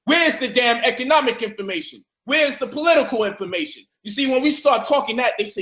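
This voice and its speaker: Brief: man, higher pitch, forceful profane preacher, roomy echo. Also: animated, fast, few pauses. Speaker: speaker in a debate. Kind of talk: heated discussion.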